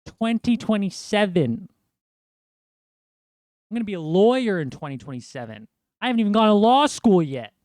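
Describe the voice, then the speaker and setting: A man's voice: sits high, very animated, fast talker, a little mellow, no room sound, studio quality. A young man from New York ranting about basketball trades in a rambling, exasperated way. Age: young adult. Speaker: sports fan vlogger. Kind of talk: ranting sports commentary.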